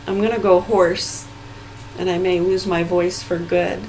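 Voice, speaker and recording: A woman's voice: lowish voice, little pitch movement, measured pace, darkish tone, a little hiss or hum, low-quality recording. Swearing, ranting woman in her forties. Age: 40s. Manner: heated, swearing, rambling. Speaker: vlogger. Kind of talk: profane angry rant.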